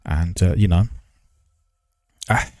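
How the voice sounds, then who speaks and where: An older man talking on a live stream, slow and halting, with many pauses and restarts, careful formal pronunciation. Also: sits low, mellow, dry recording. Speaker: gaming news streamer. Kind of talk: casual live-stream chat.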